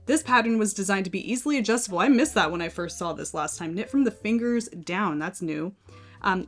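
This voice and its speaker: An American woman hosting a knitting channel, chatting through pattern picks in a casual, think-aloud way. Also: medium pitch.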